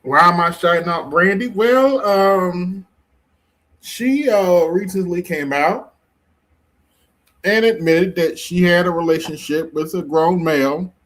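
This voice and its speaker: Unhurried male livestream host. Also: high-pitched. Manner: relaxed, unhurried, greeting viewers by name. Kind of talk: casual talk show.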